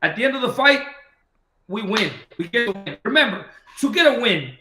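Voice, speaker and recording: A boxing trainer telling a long story in casual talk, acting out the voices of the people in it. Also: male voice, very high voice, normal speed, echoey room, slight background noise, rough recording. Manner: animated anecdote-telling, acting out quoted dialogue.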